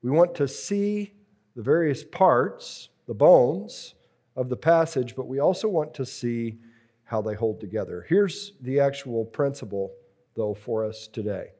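A man teaching a preaching workshop to a live group, slow and deliberate, repeating key phrases as he works through a drawing. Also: mid-range voice, animated, dark tone.

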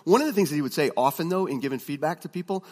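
A man teaching a class of preachers, chatty and relaxed, with fillers and restarts as he tells stories. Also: fairly high pitch, rapid-fire, big-room sound. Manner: conversational, many fillers and restarts, storytelling asides. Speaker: preaching instructor.

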